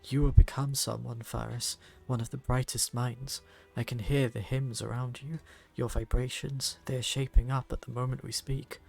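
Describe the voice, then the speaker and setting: A man voicing a calm, solemn wounded mystic who speaks slowly and measured. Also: medium pitch, vocal fry, soft background music.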